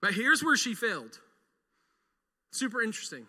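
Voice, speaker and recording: Middle-aged man, pastor; emphatic sermon, high and very bright voice. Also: very animated, moderate pace, breathy edge, big-room sound. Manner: emphatic, leads call-and-response with the congregation.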